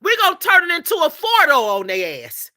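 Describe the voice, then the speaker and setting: High, bright-voiced woman preaching emphatically. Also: huge pitch swings, fairly quick. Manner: emphatic, repetitive, laughs often, addresses the audience as "collective". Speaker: spiritual livestream host. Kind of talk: casual spiritual livestream talk.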